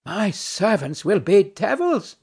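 A man's voice: high-pitched, big pitch swings, slow, darkish tone, breathy edge, exaggerated voice. A man reading a play aloud, voicing a proud, indignant noblewoman who speaks primly and insists on her due. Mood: haughty. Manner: prim, affronted, insistent questioning. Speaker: audiobook narrator.

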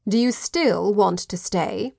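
A woman's voice: mid-range voice, slow pace, gravelly, darkish tone, no room sound, clean studio sound. A woman voicing an authoritative male British chief inspector in an audiobook, with a formal, commanding manner. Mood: impatient. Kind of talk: audiobook character voice.

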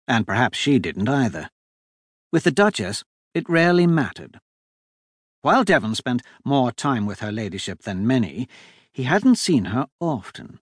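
Expressive male audiobook narrator. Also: medium pitch, no echo, clean studio sound. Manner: expressive, measured storytelling. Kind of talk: scripted fantasy narration. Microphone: close studio mic.

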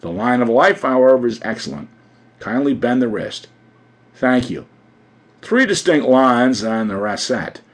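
A man's voice: mid-range voice, sing-song. A man doing a fussy deferential palm reader. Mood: measured. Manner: measured, obsequious.

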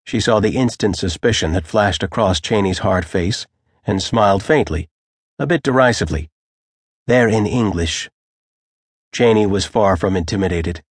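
A man narrating an audiobook in a measured, even storytelling manner. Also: low-pitched, slightly rough, dry recording, clean studio sound. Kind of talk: scripted narration.

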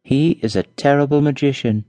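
A man's voice: medium pitch, moderate pace, mellow, dry recording, voice pushed up, lightly acted. A man voicing a beautiful young princess in distress, speaking in a raised, pleading way in a storybook reading. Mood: earnest.

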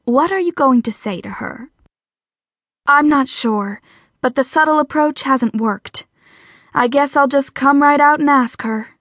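A woman's voice: high voice, unhurried, a bit bright, no room sound, studio quality, pitched above the performer's own voice. Woman voicing a determined, wry young mother.

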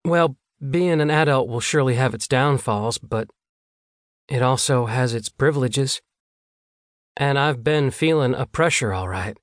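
A man's voice: mid-range voice, lively intonation, a little slow, no echo, clean studio sound, natural voice. Man voicing a nervous stammering young man. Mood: wry. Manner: hesitant, stammering whisper. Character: nervous young man, just turned adult. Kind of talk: audiobook dialogue.

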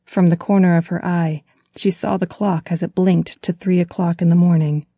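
A woman reading an audiobook as narrator, telling the story in a steady, measured way. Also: on the low side, breathy edge, no echo. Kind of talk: scripted narration.

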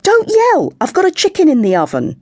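A woman voicing a chatty middle-aged mum with a brisk, soothing counsellor tone, in an audiobook. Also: lowish voice, big pitch swings, mellow, no room sound, voice pushed up. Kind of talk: audiobook character voice.

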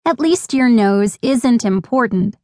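A woman voicing a gentle, naive fairy who talks in a soft, cooing way. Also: fairly high pitch, lively intonation, slow, dry recording. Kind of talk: storybook character voice. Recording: dry studio recording.

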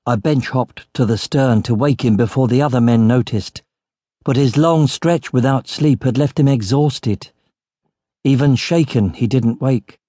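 Brief: man, mid-pitched, steady audiobook narration, close dry mic. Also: unhurried, dry recording. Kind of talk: scripted narration.

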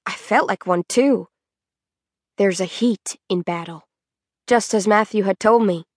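Woman narrator, mid-range voice, measured dramatic read, dry studio sound. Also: medium pitch, no echo. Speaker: audiobook narrator. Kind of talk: scripted audiobook narration.

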